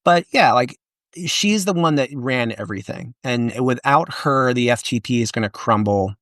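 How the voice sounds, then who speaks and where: An author and historian chats in a casual podcast interview, animated and talkative, restarting often and using lots of fillers. His voice is mid-range at a normal speed, and the recording is dry.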